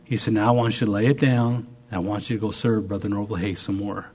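A man preaching a sermon, telling stories with bursts of excitement and quiet asides. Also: fairly low pitch, fast talker.

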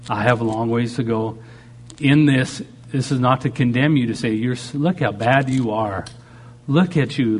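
A man preaching a sermon, shifting dramatically in tone and acting out the voices he quotes. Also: mid-range voice. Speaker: pastor.

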